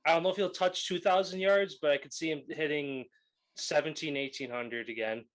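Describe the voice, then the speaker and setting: Young guy cohosting a sports pod, kinda high voice, laughs a lot. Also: a little fast, a bit bright. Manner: laughs often, loose and joking. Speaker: podcast co-host. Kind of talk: casual sports chat.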